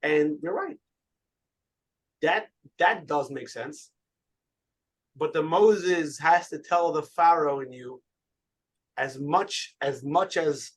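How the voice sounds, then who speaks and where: A man, a rabbi, giving an animated sermon with stories, often repeating words as he goes. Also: a little high.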